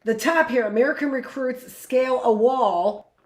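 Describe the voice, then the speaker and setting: A woman's voice: high-pitched, normal speed, roomy sound. A woman teacher reading a history book aloud to a class, stopping for chatty asides and correcting her own slips.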